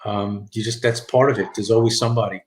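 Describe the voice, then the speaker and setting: A man's voice: lowish voice, fairly even intonation, fast talker. Rambling man with a thick New York accent. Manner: rambling, repeats and restarts, reads chat aloud. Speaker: live stream host. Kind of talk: casual live stream chat.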